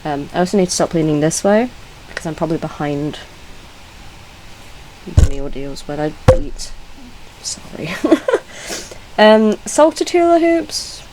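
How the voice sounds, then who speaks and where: A British woman talking casually in a lowish voice that swoops up and down a lot. She is chatty and blunt, giggles often and corrects herself mid-sentence. There is a faint hum of room sound behind her. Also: darkish tone, poor audio. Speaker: YouTuber. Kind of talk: casual reaction commentary.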